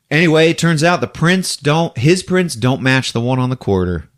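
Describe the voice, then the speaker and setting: Animated man recapping a film. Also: a little high, moderate pace. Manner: animated storyteller, laughing, acts out scenes. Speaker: podcast host. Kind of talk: casual movie recap chat.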